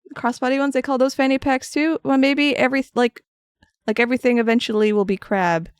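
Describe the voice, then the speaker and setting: Woman rambling on a craft stream, kinda high voice, dry close sound. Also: steady tone, brisk, clean tone, no echo. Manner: chatty and rambling, answering chat with frequent restarts. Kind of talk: casual chat while sculpting and painting.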